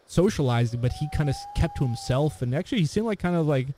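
A man's voice: a little high, expressive, fast talker, mellow, slight background noise. A man in casual conversation, talking at length with many fillers and restarts. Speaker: podcast co-host discussing films. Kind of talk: casual chat.

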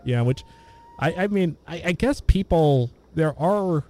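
A man's voice: a little high, expressive, measured pace, dark tone. A man chatting casually about old films, rambling with many restarts and fillers. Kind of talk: casual film discussion.

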